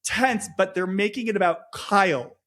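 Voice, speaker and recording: A man co-hosting a podcast in a casual chat, talking fast and acting out quoted lines in changed voices. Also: sits high, a bit bright. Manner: swears freely, says "like" often. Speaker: podcast co-host.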